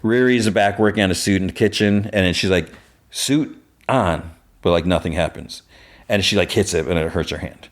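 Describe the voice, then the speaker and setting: Low-voiced man rambling through a recap. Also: fairly even intonation. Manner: rambling retelling with many "like" fillers and quick quoted lines. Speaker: podcast host. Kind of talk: casual episode recap.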